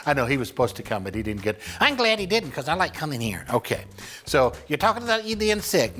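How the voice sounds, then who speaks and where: Man, ventriloquist guest, children's Bible lesson, chatty and patient, lively pitch. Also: fast. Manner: chatty, patient, laughing often.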